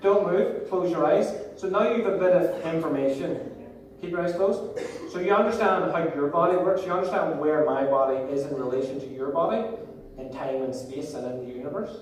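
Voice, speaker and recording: A man's voice: a little high, a little fast. A man in his thirties with a Northern Irish accent gives a playful, jokey seminar talk as a motivational speaker, directing the crowd. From Northern Ireland. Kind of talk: live seminar talk to an audience. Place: large echoey hall. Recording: echoey hall from far off with background noise.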